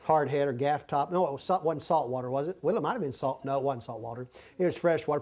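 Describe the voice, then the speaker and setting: High-voiced folksy preacher. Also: male voice, fast, darkish tone. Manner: folksy storytelling with asides and acted quotes. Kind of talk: sermon.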